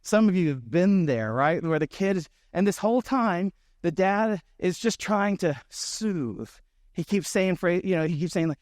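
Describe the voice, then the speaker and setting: A man's voice: a little high, normal speed, no room sound, clean studio sound. A man in his thirties, a pastor giving a conversational sermon, telling stories with asides to the congregation.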